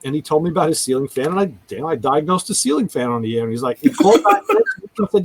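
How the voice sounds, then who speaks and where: A man's voice: on the high side, racing, hardly any pauses, breathy edge, no echo, low-quality recording. A man hosting a casual radio talk show, telling stories and acting out callers' voices. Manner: animated storyteller, acts out callers' voices.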